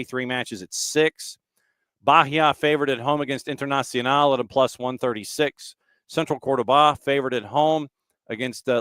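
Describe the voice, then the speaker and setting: Smooth-voiced male podcast host. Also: medium pitch, no room sound. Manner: relaxed, runs through betting odds in a list. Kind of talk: casual chat.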